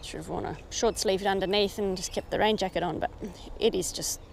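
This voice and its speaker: A woman with an Australian accent chatting casually as she fishes, talking to the fish and getting very excited over a catch. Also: mid-range voice, brisk, creaky, a little hiss or hum. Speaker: fishing vlogger. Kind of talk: casual running commentary while fishing. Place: outdoors by the water in the rain.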